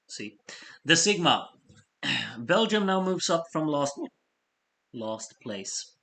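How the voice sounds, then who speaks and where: A man hosting a live stream of fan votes, reading out scores in a chatty, apologetic way while he has the hiccups and keeps clearing his throat. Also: medium pitch, bright, forceful tone. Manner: chatty, apologetic asides between score readouts. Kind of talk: casual live-stream commentary.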